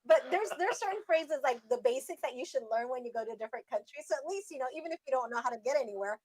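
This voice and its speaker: A woman's voice: high-pitched, lively intonation, rapid-fire, darkish tone. A woman hosting a casual radio chat, coaching her co-hosts through words in an upbeat way and laughing often. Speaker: radio host. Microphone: studio microphone.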